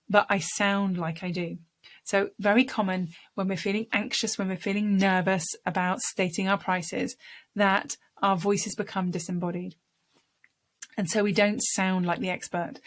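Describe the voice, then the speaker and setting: A woman's voice: medium pitch, steady tone, moderate pace. A woman, a speaking coach, talking conversationally to camera and demonstrating voice techniques. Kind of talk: direct-to-camera teaching.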